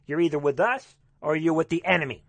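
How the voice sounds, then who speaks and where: A man with a somewhat high voice rants in a fervent monologue, rambling and calling out to his listeners again and again. His delivery is urgent and emphatic. The sound is dry, with no room echo. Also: fast, gravelly. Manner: fervent, rambling, repeatedly addressing the audience. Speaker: commentator. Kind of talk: ranting political monologue.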